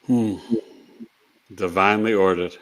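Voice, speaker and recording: A man's voice: low-pitched, fairly even intonation, a little slow, a bit bright, rough recording. A man hosting a livestream interview, reacting with short interjections and questions. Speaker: host.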